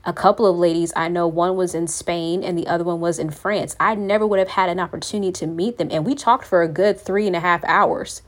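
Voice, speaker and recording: A woman's voice: lowish voice, steady tone, a little fast, hardly any pauses. Earnest woman hosting a faith podcast. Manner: earnest, preachy, addresses listeners as "you all". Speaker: podcast host.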